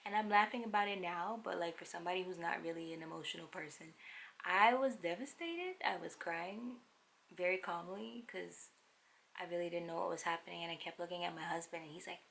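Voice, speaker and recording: A young woman telling a personal story in a casual, animated, wry way. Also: on the low side, creaky, slight background noise. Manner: animated, wry, quotes others in quick asides. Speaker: vlogger.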